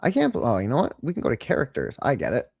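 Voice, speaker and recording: Casting: male podcast co-host, animated swoops in pitch, dry close sound, rambling and swearing. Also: very fast, creaky, husky, no room sound. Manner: rambling, profane, mocking. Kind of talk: casual chat.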